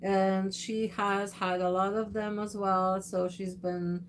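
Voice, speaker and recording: A woman hosting a casual livestream chat, talking haltingly with many fillers and restarts in a gently instructive, motherly way. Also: medium pitch, flat delivery, slight background noise. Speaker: host of a livestream channel.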